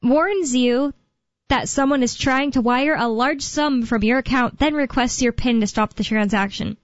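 Woman radio host, fairly high voice, chatty and rambling, dry dull studio sound. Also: normal speed, no echo. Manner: chatty, rambling, with fillers and laughs. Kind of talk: casual talk radio chat.

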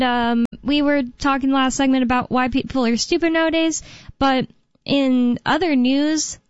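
A woman with a slightly high voice hosts a talk radio show, chatting casually and rambling with fillers and laughs. The recording is dull and dry, a studio sound with no room sound.

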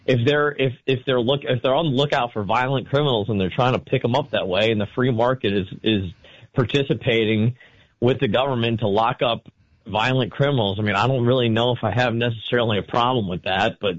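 A man's voice: mid-range voice, brisk, dry recording, highs cut off. A man co-hosting a casual talk radio show, giving blunt opinions in a rambling way with many restarts. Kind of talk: casual call-in radio chat.

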